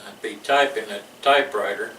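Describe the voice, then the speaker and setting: A man's voice: lowish voice, brisk, pushed and bright. Older Southern man, echoey distant recording. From American South. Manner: rambling storyteller with frequent restarts and chuckles. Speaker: veteran interviewee. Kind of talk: casual oral-history recollection. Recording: echoey room, distant mic, noisy.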